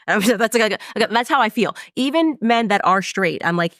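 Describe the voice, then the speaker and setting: A woman in casual podcast conversation, talking in a quick, chatty way full of "like". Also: medium pitch, expressive, fairly bright tone, no echo, clean studio sound. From United States. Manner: quick and chatty, heavy use of "like".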